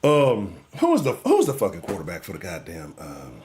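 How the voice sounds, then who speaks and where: A man hosting a live sports talk show, ranting in a profane, animated way and swinging between loud outbursts and low mutters. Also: a little fast, slight background noise. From Houston.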